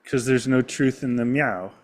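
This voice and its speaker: A man of middle pitch co-hosts a casual chat, spinning jokey, rambling stories with plenty of restarts. His voice sits right in the ordinary male range. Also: normal speed. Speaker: co-host.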